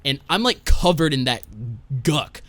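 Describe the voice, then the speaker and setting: A man's voice: on the high side, expressive, measured pace, fairly bright tone. Young man swearing through a rambling story. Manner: profane, rambling, tags lines with "right?". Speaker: podcast guest. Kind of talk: casual storytelling on a podcast.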